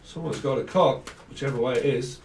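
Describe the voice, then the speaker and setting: A man's voice: medium pitch, brisk, slight background noise. A man talks loosely through a tarot reading, jumping from one name to the next and breaking into laughs. His voice sits mid-range and sounds roomy, caught from a mic set well back. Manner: rambling, free-associating, laughs often. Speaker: tarot reader. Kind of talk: casual tarot channelling. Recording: echoey room, mic at a distance.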